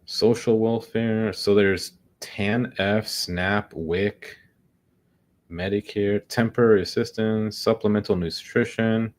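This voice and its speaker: Low-voiced sarcastic man with a headache. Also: fairly even intonation, slow. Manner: sarcastic, joking, mumbling asides. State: suffering a headache. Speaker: day trading streamer. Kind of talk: casual livestream commentary.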